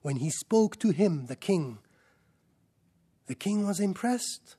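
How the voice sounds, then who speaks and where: A man's voice: a little high, expressive, slow pace, pauses often, warm tone, slightly rough. A male preacher delivering an emphatic sermon, building points through lists and repetition.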